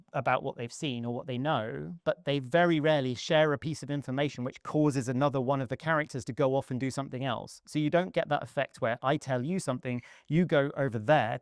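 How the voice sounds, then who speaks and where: A man giving a conference talk on stage, lively and humorous, acting out little scenes as he explains. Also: medium pitch, no room sound, studio quality. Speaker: conference speaker.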